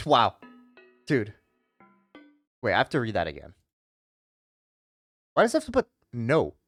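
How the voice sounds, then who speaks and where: A streamer chatting casually on a live stream and reading a visual novel aloud, rambling and animated, with lots of "like" and quick laughs. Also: medium pitch, dry recording, clean studio sound, faint music behind.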